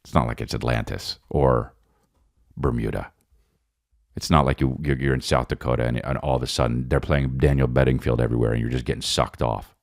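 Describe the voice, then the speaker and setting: A man hosting a podcast as a comedian, rambling through a profane, animated comic monologue and calling the listener dude. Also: extremely low pitch, brisk, creaky.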